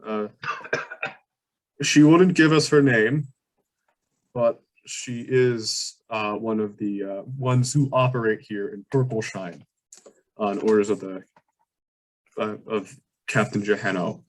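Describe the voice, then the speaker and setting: Low-voiced man running a tabletop game. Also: fairly even intonation, measured pace. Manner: describes scenes with many fillers and restarts. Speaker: game master.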